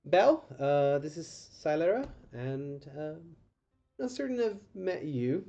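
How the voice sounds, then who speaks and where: A polite, welcoming innkeeper woman greets her guests in a tabletop game, as a man puts her on. Her voice sits a touch higher and she speaks haltingly. The recording is dull and lo-fi. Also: big pitch swings, vocal fry, mellow, faint music behind, heavily acted. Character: friendly woman innkeeper, owner of the tavern.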